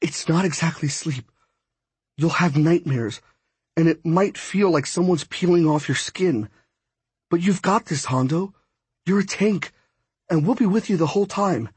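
A man's voice: fairly high pitch, measured pace, long pauses, darkish tone, breathy edge, no room sound, voice pushed up. A man narrating an audiobook, voicing a frightened, kind teenage girl who explains things hesitantly. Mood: worried.

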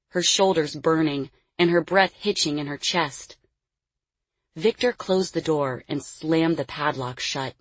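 Low, husky woman narrating. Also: dry recording. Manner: measured storytelling, dropping quiet on dialogue tags. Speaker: audiobook narrator. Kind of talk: scripted narration.

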